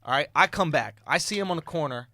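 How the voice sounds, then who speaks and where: Excitable bright-voiced man in his thirties. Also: fast, no echo, clean studio sound. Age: 30s. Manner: excitable, laughing, swinging between low mutters and high shouts. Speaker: podcast co-host. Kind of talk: animated storytelling.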